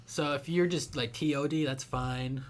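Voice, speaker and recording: A young man co-hosting a podcast, swearing a lot and telling stories with loud acted-out lines. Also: mid-range voice, normal speed. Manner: crude, swearing, animated storytelling; acts out angry people with a raised voice. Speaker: podcast co-host. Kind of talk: casual chat.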